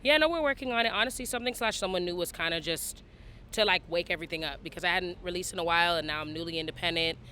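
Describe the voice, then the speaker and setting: A woman's voice: lowish voice, very fast, bright, forceful tone, a little hiss or hum. A woman from Toronto with a Toronto accent, chatting upbeat as a musician guest in an interview backstage outdoors. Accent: Toronto English. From Canada, Toronto. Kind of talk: casual interview.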